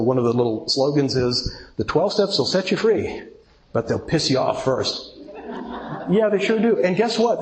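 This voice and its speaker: Middle-aged male recovery speaker, somewhat high voice, earnest, quizzes the room. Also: darkish tone, poor audio. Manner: earnest, asks the audience questions. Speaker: twelve-step speaker. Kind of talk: recovery talk to a live audience. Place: meeting room with an audience.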